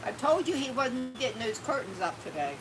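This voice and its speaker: A woman's voice: fairly high pitch, very animated, fairly quick, slight background noise, rough recording. A woman co-hosting a casual livestream, making blunt, wry remarks and greeting chatters. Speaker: co-host, host's partner.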